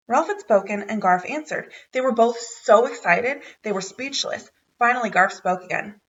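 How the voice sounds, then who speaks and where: A woman's voice: medium pitch, expressive, moderate pace, fairly bright tone, recorded from a distance, dull audio. A woman reading a children's chapter book aloud, narrating expressively. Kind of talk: storybook read-aloud.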